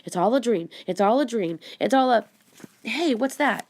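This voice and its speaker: A woman's voice: fairly high pitch, animated, moderate pace, a little mellow, close to an everyday voice. Woman reading as a wisecracking bug-boy. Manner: wisecracking, whiny. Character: boy turned into a big bug, jokey.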